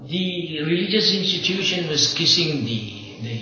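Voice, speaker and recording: A man's voice: a little high, animated, moderate pace, sharp tone, soft background music. A man, a Buddhist monk, telling an anecdote to a small group, often chuckling and acting out the other speakers' lines. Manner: chuckling storyteller, acts out dialogue. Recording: echoey dull old tape, faint hiss.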